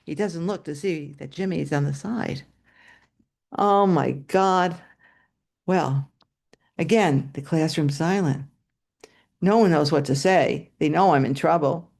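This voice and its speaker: Older woman telling a lively story. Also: sits low, unhurried, gravelly, long pauses. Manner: animated, acts out voices, asides to listeners. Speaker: storyteller, former teacher. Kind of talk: spoken storytelling to an audience. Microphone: video call.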